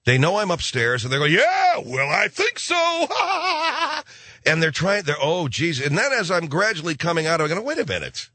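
A man's voice: fairly high pitch, fast, few pauses, no echo. A middle-aged man hosting a late-night radio show, telling a rambling story with lots of asides. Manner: animated storytelling, acts out voices, rambling asides. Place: radio studio. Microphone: studio microphone.

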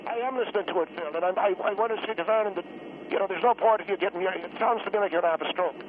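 An actor playing a fussy, indignant priest who calls in to a radio talk show, rambling and exasperated. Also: male voice, sits high, rapid-fire, slight background noise, close to an everyday voice. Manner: exasperated, rambling, repeats himself. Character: fussy old male priest caller, indignant. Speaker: priest calling in. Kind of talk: comedic radio call-in sketch. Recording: tinny phone line.

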